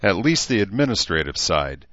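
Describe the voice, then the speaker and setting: Man reading steady leader, businesslike, low voice, dry. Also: normal speed, dry recording, lo-fi sound. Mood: calm. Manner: calm, businesslike. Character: steady middle-aged leader in armor.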